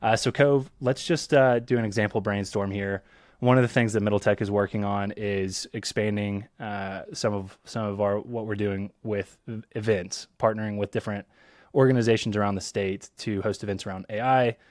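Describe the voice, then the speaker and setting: A man's voice: fairly low pitch, moderate pace, no echo, clean studio sound. A man from Eastern Kentucky hosting a podcast, talking casually with lots of ums. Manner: relaxed, many ums and restarts. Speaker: podcast host.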